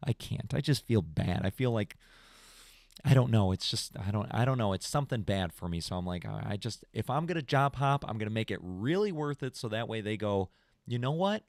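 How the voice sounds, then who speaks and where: A young man hosting a podcast stream, telling stories in a rambling, animated casual chat and calling people "bro". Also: lowish voice, brisk, dry recording, studio quality. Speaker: podcast host.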